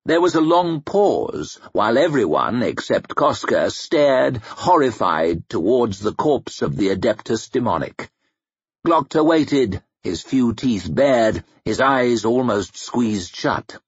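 A man reading an audiobook in a dramatic, expressive, measured way. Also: medium pitch, breathy edge, no room sound, lo-fi sound. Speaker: audiobook reader.

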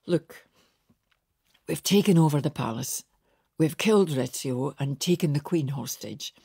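A woman narrator voicing a blunt male lord in armour who speaks flatly and dismissively. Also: deep voice, husky, dry recording, clean studio sound, exaggerated voice.

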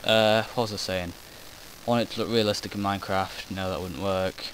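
A man with a low voice talks fairly quickly in a steady, somewhat bright tone, rambling loosely over his own recorded gameplay. He keeps losing his train of thought, interrupts himself, and swears casually. The recording is rough, with a little hiss or hum.

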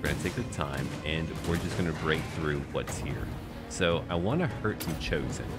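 A man's voice: a bass voice, normal speed, loud music behind the voice. A man giving playful, boastful commentary on a roleplay strategy game campaign and mocking the enemy. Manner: playful, boastful trash-talk of enemies. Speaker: gaming YouTuber.

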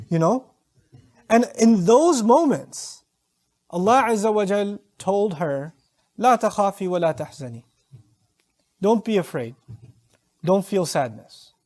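A man's voice: sits high, a little mellow. A man preaching a sermon, telling a story with feeling, acting out the voices of its people and reciting verses in Arabic.

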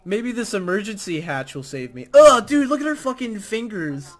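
A man's voice: sits high, moderate pace. A man streaming a game, chatting casually and yelping when startled. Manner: excitable, yelps and shouts when surprised. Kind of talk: casual gaming banter.

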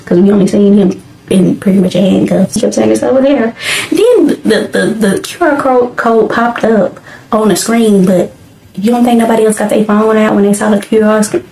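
A woman's voice: medium pitch, gravelly, dark tone, roomy sound, slight background noise, poor audio. A woman hosting a casual movie reaction, talking in a rambling, candid way with everyday slang. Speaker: movie review host.

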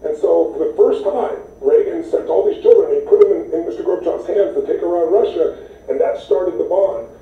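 Man, fairly high voice, emphatic storyteller; phone-like, echoey, far off. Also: very animated, a little fast, creaky. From United States. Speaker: interview guest. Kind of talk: animated storytelling. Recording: tinny, echoey, distant sound.

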